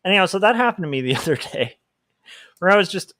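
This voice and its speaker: A man's voice: sits high, lively intonation, quick pace, pushed and bright, dry recording, studio quality. A man chatting casually on a livestream while drawing, rambling and laughing often. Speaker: livestream host, comic artist.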